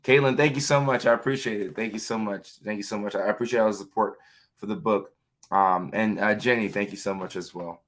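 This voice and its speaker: A man's voice: fairly low pitch, steady tone, a little fast. Upbeat man hosting a live stream. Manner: upbeat, warm greetings, frequent fillers. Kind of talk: casual live stream greeting viewers. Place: home in Los Angeles.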